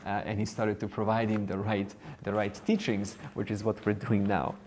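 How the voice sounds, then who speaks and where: A man's voice: fairly low pitch, level tone, moderate pace, a little mellow, a little hiss or hum. A man who teaches spirituality, telling a story at a seminar in a rambling way with many fillers and chuckles. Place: seminar room.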